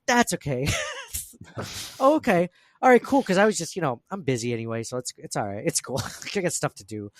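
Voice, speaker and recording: A man's voice: mid-range voice, no room sound, studio quality. A man co-hosting a podcast, rambling and self-deprecating in casual chat, laughing often. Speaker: podcast co-host.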